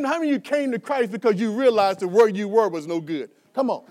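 A man preaching a sermon, asking the congregation questions and building to loud, emphatic peaks. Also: high voice, fast talker, few pauses. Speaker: pastor.

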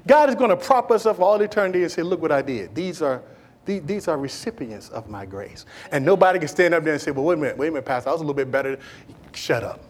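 A man preaching a sermon as pastor, animated and folksy, swinging between loud and hushed delivery with playful asides to the congregation. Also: high voice.

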